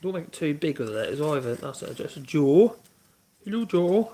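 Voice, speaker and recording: This man's voice is a little high and sing-song, fairly quick, with a warm tone. He runs a relaxed woodworking livestream, rambling on and humming to himself while he works.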